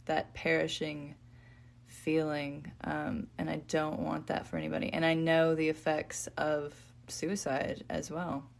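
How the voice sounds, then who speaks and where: A woman author and podcast guest, talking in a soft-spoken, reflective way. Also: sits low, completely flat delivery, unhurried, gravelly. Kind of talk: faith podcast conversation.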